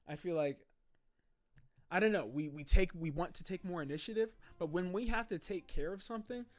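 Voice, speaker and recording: Young man rambling through chat, slightly high. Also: fairly quick. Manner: rambling and reflective, many "like" and "um" fillers. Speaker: streamer. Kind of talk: casual chat, reading out viewer messages.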